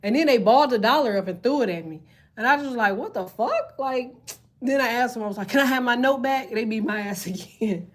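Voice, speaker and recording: Woman streamer, AAVE speaker, animated and profane storyteller, slightly high-pitched. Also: fairly quick. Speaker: live streamer reading chat. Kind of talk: casual storytelling chat.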